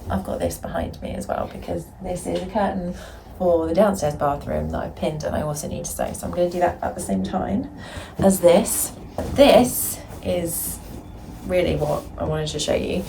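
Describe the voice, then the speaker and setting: Young woman, casual home vlogger, lowish pitch with some gravel, relaxed and rambling. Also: normal speed, slight background noise, poor audio. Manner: chatty and rambling, with hesitant restarts. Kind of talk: casual to-camera chat. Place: indoors, sitting on a home staircase.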